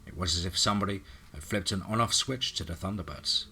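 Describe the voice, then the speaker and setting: Deep, bright male storyteller for dramatic horror narration. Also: fast, vocal fry, husky.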